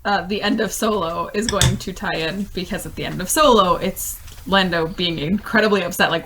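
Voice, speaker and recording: A woman's voice: lowish voice, fairly quick, fairly bright tone, a little hiss or hum. A woman co-hosting a podcast, chatting casually and upbeat, often chiming in with short agreements. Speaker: podcast co-host. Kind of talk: casual chat.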